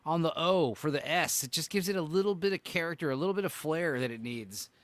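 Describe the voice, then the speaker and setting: A man's voice: fairly high pitch, expressive, quick pace, dry recording. A man hosting a casual podcast chat, swearing freely and reacting offhand to what he's looking at. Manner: profane, offhand, reacting to logos. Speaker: podcast host.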